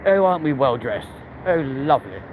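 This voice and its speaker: With a mid-range, sing-song voice that's brisk and narrow, a man from England with a London accent walks city streets on a live stream. He talks cheekily to his chat and swears freely, and the tinny audio has a noisy background.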